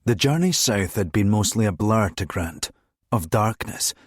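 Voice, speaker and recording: A man narrating a crime thriller audiobook in a measured, steady reading voice. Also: fairly low pitch, no echo, studio quality. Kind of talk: scripted narration.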